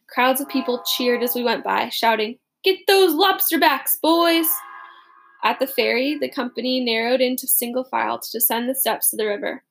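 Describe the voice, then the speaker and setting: High-voiced woman with gravelly fry. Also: steady tone, a little fast, hardly any pauses, fairly bright tone, a little hiss or hum. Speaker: audiobook narrator. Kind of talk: first-person storybook narration.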